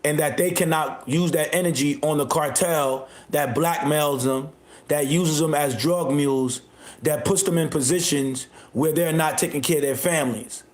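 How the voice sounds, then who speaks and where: A man hosting a livestream, ranting at his chat in a loud, confrontational, repetitive way. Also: fairly high pitch, reverberant. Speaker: livestream host. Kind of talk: live stream rant reacting to chat.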